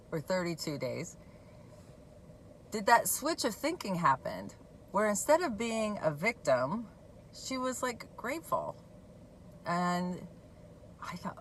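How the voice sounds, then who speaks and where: A woman talking candidly and conversationally about her own recovery, sharing a personal story in a relaxed way. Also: fairly low pitch, unhurried, a little hiss or hum, low-quality recording. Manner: candid, conversational, laughs at herself. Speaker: recovery blogger. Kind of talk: personal testimony talk.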